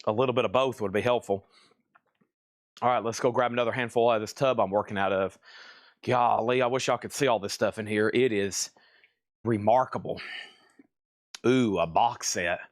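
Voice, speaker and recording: A man running a live record sale, calling out items, bids and prices in a brisk, chatty way. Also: on the low side, steady tone, no room sound, clean studio sound.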